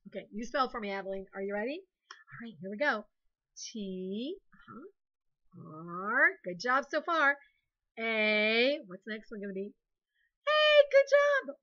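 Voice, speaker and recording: A woman, a second grade teacher giving a playful, animated phonics lesson to young children. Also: mid-range voice, a little slow, dull audio.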